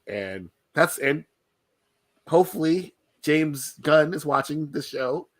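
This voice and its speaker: Male podcast co-host, casual and animated, quick to laugh. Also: a little high, no room sound. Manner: laughs often, loose and animated. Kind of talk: casual chat.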